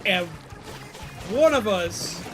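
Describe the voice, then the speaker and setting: A man's voice: sits high, expressive, extremely slow. A man from Alabama with a Southern accent, chatting casually as he streams a game and rambles through a story. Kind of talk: casual chat while gaming. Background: game music.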